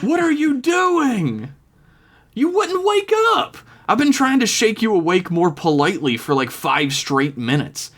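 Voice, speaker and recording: A man voicing a worried young woman who yells at her friend to wake up, in a high, strained voice. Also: sing-song, unhurried, heavily acted. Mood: exasperated. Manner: yelling, high-pitched.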